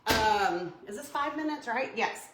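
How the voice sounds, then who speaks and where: A woman's voice: fairly high pitch, animated, measured pace, echoey room, noisy background. A woman, chatting with viewers while baking in her home kitchen, flustered and talkative. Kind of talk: casual chatty cooking livestream.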